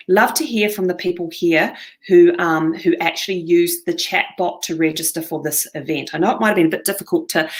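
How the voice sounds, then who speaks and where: A middle-aged woman with a New Zealand accent presenting a live marketing webinar, talking straight to her viewers and often checking in with "okay?". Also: fairly low pitch. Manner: upbeat, addresses viewers directly, frequent "okay?" check-ins. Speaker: seminar presenter.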